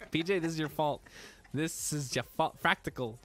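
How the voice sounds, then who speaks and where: A man's voice: a little high, normal speed, a bit bright. A man hosting a casual live stream, joking and laughing as he gets flustered over his own slip. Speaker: livestream host building a PC.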